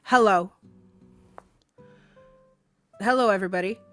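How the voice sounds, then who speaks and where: A fired-up woman streamer rants to her chat, swearing, sarcastic and hammering the same points again and again. Her voice sits at an everyday middle pitch. She is close and dry on a desk mic, with faint music underneath. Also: a little slow, a bit bright, dry recording. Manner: swearing, heated, sarcastic, repeats herself. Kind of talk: angry rant to a live stream chat.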